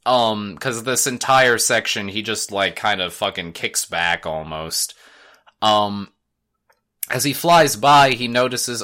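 Male co-host, lowish bright voice, profane rambling recap chat. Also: animated, takes it slowly. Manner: rambling, profane, laughs often. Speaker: podcast co-host. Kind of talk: casual chat recapping an anime.

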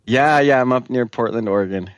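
A man who is a software developer, appearing as a podcast guest and chatting easily with frequent fillers. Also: mid-range voice, a little fast, dry recording. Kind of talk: casual interview chat.

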